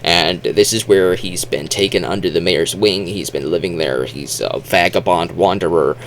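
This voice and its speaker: Speaking at a moderate pace in a deep voice, a male video host offers casual, rambling commentary with restarts and fillers. He acts out silly, exaggerated quotes, and there is a little hiss or hum.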